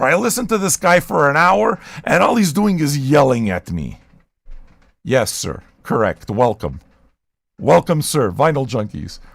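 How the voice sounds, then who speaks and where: A man hosting a record-listening livestream who talks in a loud, shouty, abrasive rant and swears freely. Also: a little high, gravelly, no room sound. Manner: profane, excitable. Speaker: host of a record-listening show. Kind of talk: loud ranting livestream chat.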